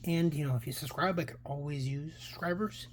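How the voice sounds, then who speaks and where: A man's voice: on the high side, fairly quick, slight background noise. A man hosting a casual comic book read-through, rambling with many fillers and restarts. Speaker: comic book channel host.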